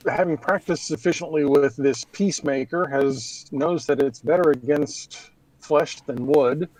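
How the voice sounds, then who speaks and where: A man playing a tabletop game online, speaking haltingly and searching for words. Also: fairly high pitch, darkish tone, low-quality recording. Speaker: player.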